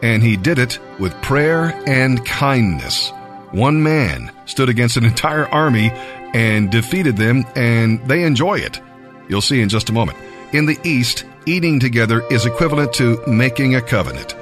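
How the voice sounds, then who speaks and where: Slow, measured male scripture reader. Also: medium pitch, animated, over music. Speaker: Bible reader.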